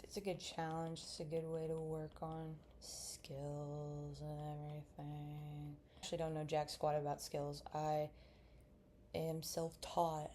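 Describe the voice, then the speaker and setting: A woman's voice: low-pitched, completely flat delivery, a little slow, mellow, slight background noise. A young woman in casual chat while drawing, rambling and mumbling to herself as she works. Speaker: vlogger.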